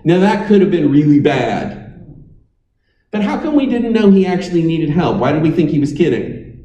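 A man's voice: a little high, big pitch swings, moderate pace, warm tone, reverberant, recorded from a distance, muffled recording. A man preaching a sermon, telling stories with dry, wry humor. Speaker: pastor.

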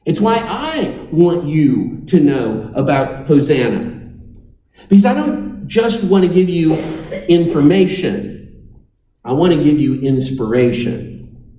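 A man's voice: a little high, sing-song, takes it slowly, dark tone, roomy sound, recorded from a distance, low-quality recording. A man preaching a sermon, telling stories with dry, wry humor. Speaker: pastor.

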